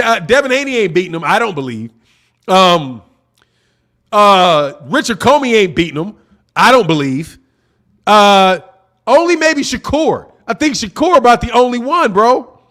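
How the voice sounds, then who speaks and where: High-voiced chatty man hosting a boxing stream. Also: a bit bright. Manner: loose and chatty, repeats phrases, laughs often. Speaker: boxing channel host. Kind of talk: casual livestream commentary reading viewer chats.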